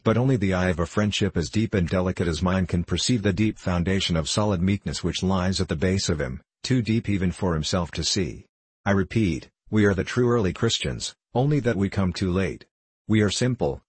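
A man voicing an impassioned young male anarchist orator in an audiobook, with a low, penetrating, declaiming voice. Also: brisk, slightly rough, no echo. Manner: rhetorical, declaiming. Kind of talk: audiobook character voice.

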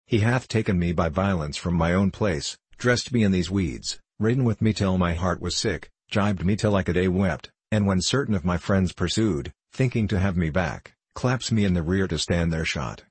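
Low, husky man reading a gentle runaway youth in an old storybook, pleading and archaic. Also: moderate pace, few pauses, no echo. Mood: earnest. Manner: pleading, old-fashioned speech. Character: timid gentle youth on the run, pious.

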